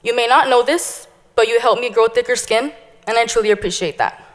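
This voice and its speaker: A woman's voice: on the high side, a little fast. A young woman in her twenties, a graduating police cadet giving an earnest, heartfelt thank-you speech. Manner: earnest, heartfelt, tearful near the end. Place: large hall. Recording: reverberant hall.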